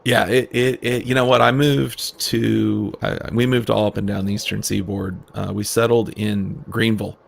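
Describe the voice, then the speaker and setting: A man's voice: on the low side, level tone, normal speed, creaky, few pauses. A man hosting a casual livestream chat over a video call, rambling and restarting, laughing often. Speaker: livestream host.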